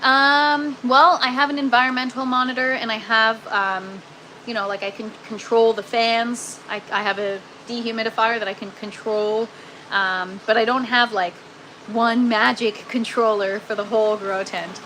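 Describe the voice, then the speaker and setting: A woman's voice: a little high, fairly even intonation, moderate pace, pushed and bright, a little hiss or hum, poor audio. A woman hosting a casual gardening live stream from an indoor grow tent, chatting with viewers and using lots of ums and "you guys.".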